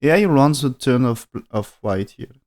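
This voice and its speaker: Male go commentator, live-stream review, non-native English, halting and thoughtful delivery. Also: mid-range voice, expressive, a little mellow. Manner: hesitant, thinking aloud with frequent restarts; speaks non-native English with dropped articles. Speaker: go game commentator.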